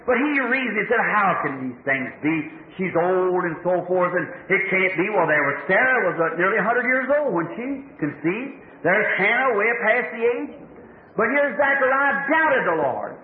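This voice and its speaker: Male preacher, fervent and pleading, high-pitched, thin echoey phone-like recording. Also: a little hiss or hum. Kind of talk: sermon.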